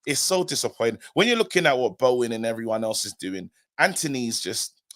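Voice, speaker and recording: Brief: male host, slangy and animated, lively pitch, dry close sound. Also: fairly quick, dry recording. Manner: animated, laughs a lot, slangy. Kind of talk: casual fan call-in chat.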